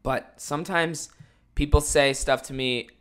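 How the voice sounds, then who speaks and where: Bright-voiced young man ranting jokily. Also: a little high, steady tone, measured pace, smooth. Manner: rambling, jokey, swings between loud rants and mumbled asides. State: morning voice. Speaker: podcast host. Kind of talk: casual solo podcast chat.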